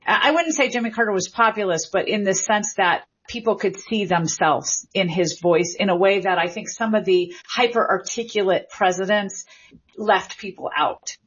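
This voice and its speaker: A middle-aged woman from the American South speaks in a slightly husky, breathy voice. She talks reflectively about how people speak, drawing out her phrasing. The audio is muffled and lo-fi. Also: mid-range voice, a bit bright. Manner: thoughtful, reflective, drawn-out phrasing. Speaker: guest linguist. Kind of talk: explanatory conversation.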